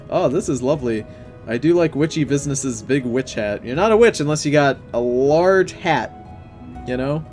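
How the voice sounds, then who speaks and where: A man with a fairly high voice chats loosely, rambling and cursing offhand as he runs through fan art on his own show. Soft music plays faintly behind him. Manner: rambling, offhand, swears casually. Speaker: YouTube host showing fan art. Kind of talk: casual commentary. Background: faint background music.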